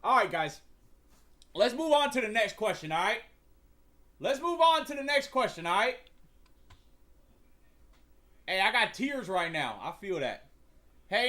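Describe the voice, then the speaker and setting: A man's voice: sits high, sharp tone. A young man hosting a livestream, chatting casually in a slangy, profane, rambling way with frequent stumbles. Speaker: livestream host.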